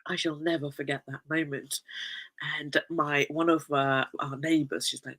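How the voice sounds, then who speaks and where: A woman chats through a personal story, giggling often between phrases. Her voice is husky and slightly breathy, and her pitch rises and falls a great deal. She is effusive and leans on repetition for emphasis. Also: expressive, a little slow, pauses often, fairly bright tone, rough recording. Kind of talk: casual anecdotal storytelling.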